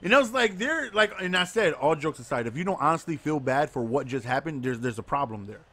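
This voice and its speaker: A man with a high, bright, forceful voice tells a story in a casual podcast chat. He is excitable and sarcastic, and he acts out the voices of the people he quotes. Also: fairly quick. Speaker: podcast co-host.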